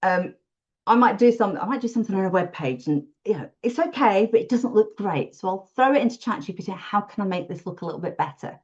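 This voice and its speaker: A woman's voice: medium pitch, animated, quick pace. Candid woman, lo-fi call audio. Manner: candid, self-deprecating, laughs often. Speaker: WordPress support freelancer, podcast guest. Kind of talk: casual interview chat.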